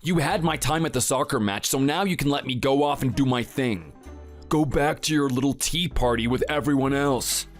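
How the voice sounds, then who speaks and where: In a synthetic texting-story read, a man voices a boastful, muscle-bound bully taunting his neighbor, sneering throughout. His voice is medium pitch at normal speed, lightly acted, with faint music behind.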